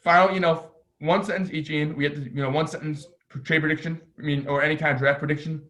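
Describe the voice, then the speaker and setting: A young man co-hosting a casual sports podcast, talking in an excitable, rambling way full of "like"s. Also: fairly high pitch, fast talker. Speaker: podcast co-host.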